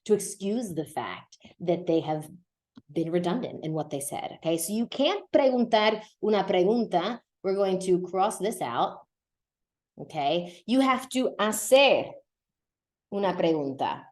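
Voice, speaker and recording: A woman's voice: fairly low pitch, expressive, a little slow, dark tone. A woman teaching a Spanish lesson on a podcast, explaining patiently, often checking in with "okay?" and moving between English and Spanish.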